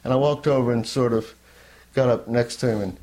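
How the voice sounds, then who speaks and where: An older man telling a personal story in a candid, rambling way, at times sinking to a soft near-whisper. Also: mid-range voice, steady tone, fairly quick. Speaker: interviewee.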